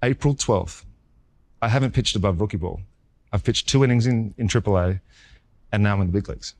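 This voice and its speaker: A man in his forties with an Australian accent, a former pitcher guest telling his story in a casual interview and acting out the dialogue. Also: brisk. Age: 40s. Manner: lively storyteller who acts out quoted dialogue.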